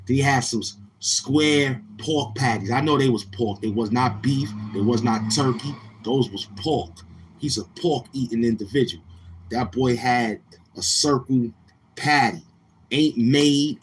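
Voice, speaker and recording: A man hosting a live stream, mocking someone in a slow drawl with drawn-out hums. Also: mid-range voice, a little hiss or hum, poor audio. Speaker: livestream show host. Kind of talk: trash-talking live stream commentary.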